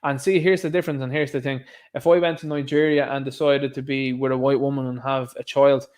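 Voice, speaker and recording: An Irish man from Ireland gives solo commentary to camera as an online commentator, sarcastic and scoffing, mocking others in put-on voices. His medium-pitched voice is level, brisk and darkish in tone.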